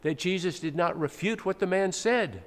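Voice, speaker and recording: This male pastor's voice sits high and keeps a normal speed as he explains his sermon like a teacher, breaking into dramatic readings. He's in a church sanctuary, and the recording is echoey with faint background noise.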